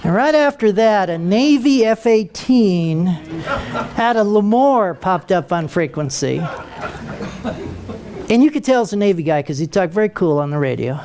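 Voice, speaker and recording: A man's voice: sits high, animated, moderate pace, noisy background. An older American man, a retired military pilot, telling a humorous story to an audience in a wry, comic way. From United States. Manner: wry, comic, acts out quoted voices.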